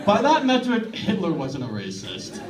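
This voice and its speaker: A man performing a stand-up comedy set with a deadpan, self-deprecating delivery, in a comedy club with a laughing audience. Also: on the high side, moderate pace, recorded from a distance, crowd noise. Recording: roomy club, mic heard from afar, audience laughing.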